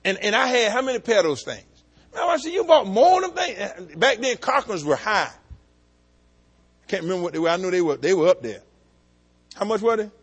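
A middle-aged man preaching a sermon, telling folksy stories and rising from low asides to shouted climaxes. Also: lively intonation, moderate pace, long pauses, breathy edge. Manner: folksy storytelling, talks to the congregation directly. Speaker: pastor.

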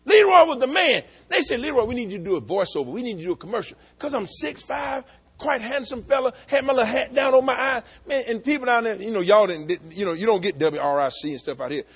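Middle-aged preacher, husky and animated, folksy sermon with shouted peaks. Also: male voice, fast talker. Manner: preaching, swings between low asides and shouted climaxes; folksy storytelling, talks to the congregation directly. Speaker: pastor.

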